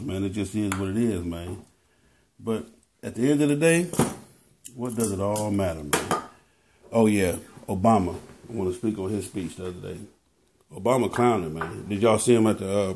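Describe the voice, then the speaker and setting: A man's voice: fairly low pitch, a little mellow, slight background noise. A man giving casual motivational talk as a vlogger, laid-back and tacking "man" onto his phrases.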